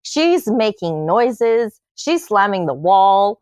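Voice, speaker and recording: Animated woman telling a wild story. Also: medium pitch, moderate pace, no room sound. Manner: animated, swearing, acts out quotes. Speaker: podcast guest telling her story. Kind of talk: casual storytelling.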